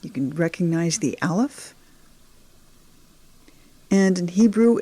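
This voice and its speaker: A woman narrates a beginners' lesson in a slow, unhurried way. Her voice sits a little low, and the sound is dry and close. She sounds encouraging and speaks straight to the viewer. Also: animated, mellow, slightly rough, no echo. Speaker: Hebrew teacher. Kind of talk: slow, patient lesson narration over slides.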